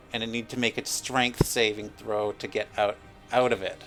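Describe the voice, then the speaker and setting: A man running a tabletop game over a voice call, halting and repeating himself as he makes rulings. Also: on the low side, little pitch movement, over music. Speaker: game master. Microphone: voice chat call.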